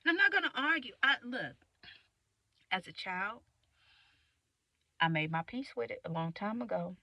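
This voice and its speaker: A young woman venting in a candid, profane monologue, swinging from loud outbursts to low mutters. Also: animated, normal speed, dry recording. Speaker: vlogger.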